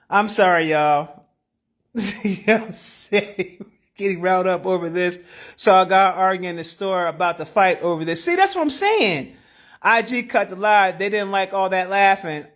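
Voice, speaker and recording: A woman hosting a live stream, giving casual commentary in an animated, slangy way and laughing often. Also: medium pitch, normal speed. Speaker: livestream host.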